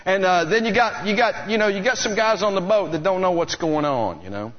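A man preaching a sermon, retelling a story with lively delivery and acting out the voices of the people in it. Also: high voice, brisk, hardly any pauses. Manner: animated storytelling, acts out voices of the disciples. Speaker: pastor. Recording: slightly dull, lo-fi recording.

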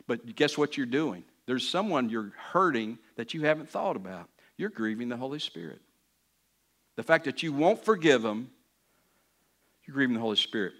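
A man's voice: medium pitch, a bit bright. A man pastor preaching a sermon in an earnest, conversational way, often restarting phrases and building to emphatic peaks.

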